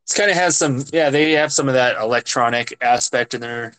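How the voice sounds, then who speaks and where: A man's voice: medium pitch, a little fast, fairly bright tone, clear, resonant tone, low-quality recording. A man co-hosting a podcast, chatting casually and eagerly about songs, saying "yeah" and "like" a lot. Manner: enthusiastic, loose, says "yeah" and "like" a lot. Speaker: podcast co-host. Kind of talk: casual music chat.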